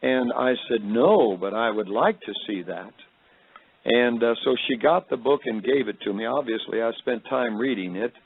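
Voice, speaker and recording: Gravelly man telling a rambling story. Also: medium pitch. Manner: rambling, halting storytelling with many fillers. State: deep, tired voice tonight. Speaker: speaker recounting a vision. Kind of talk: personal testimony. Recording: phone-like radio broadcast.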